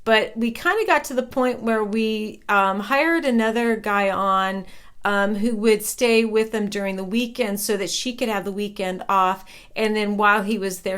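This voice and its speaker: A woman telling a personal ghost story in a chatty, conversational way, often checking in with "right?". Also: medium pitch.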